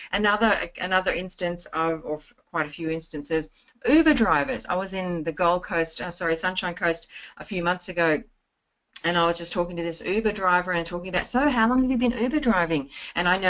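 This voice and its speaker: A middle-aged woman giving a chatty business training talk, telling stories and acting out conversations. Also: on the low side.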